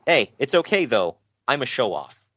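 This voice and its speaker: A man's voice: medium pitch, sing-song, normal speed, fairly bright tone, highs cut off. A man hosting a casual podcast, reading out wrestling news with jokes and frequent laughs. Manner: jokey, self-deprecating, laughs often. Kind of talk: casual chat.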